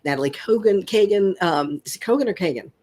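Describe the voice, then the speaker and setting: A woman guest on a casual interview chat, an animated and enthusiastic storyteller. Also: mid-range voice, a little fast. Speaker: guest hypnotist.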